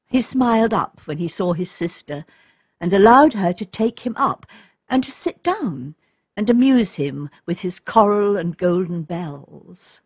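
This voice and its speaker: A woman narrates a storybook in a calm, measured reading. Her voice is husky and her pace is slow and unhurried. The recording is dry and close, with no room echo. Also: medium pitch. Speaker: audiobook narrator.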